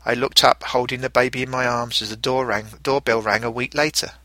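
A middle-aged man narrating a first-person story in a reflective, gentle way. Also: mid-range voice, fairly even intonation, brisk, dry recording.

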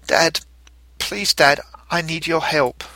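A tearful young daughter, frightened and pregnant, pleads softly in a bright, lifted voice, as a man reading a story puts her on. The sound is close and dry, with no room around it. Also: fairly high pitch, slow pace, no echo, pitched above the performer's own voice. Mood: pleading. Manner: soft, pleading.

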